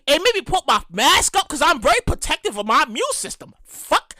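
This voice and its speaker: A woman's voice: high-pitched, fairly quick, no echo, studio quality. A woman hosting her own podcast in a casual, profane, ranting monologue. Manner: animated, profane, ranting storyteller. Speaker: podcast host.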